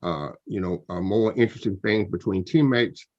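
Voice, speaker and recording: A man's voice: lowish voice, moderate pace, dull audio. A man from Louisiana on a panel, speaking in a rambling, fatherly way with frequent restarts. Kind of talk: panel discussion.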